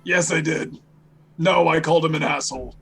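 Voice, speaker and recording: A man's voice: fairly high pitch, fairly even intonation, normal speed, vocal fry, a bit bright, breathy edge, soft background music. A man playing a tabletop game, talking bluntly and dryly in casual chat.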